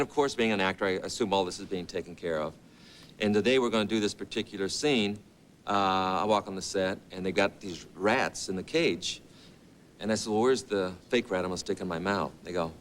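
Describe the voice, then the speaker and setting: A man's voice: low-pitched, a little hiss or hum. A man in his fifties, a talk show guest and actor, telling rambling anecdotes full of quoted dialogue. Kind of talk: casual storytelling. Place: TV studio.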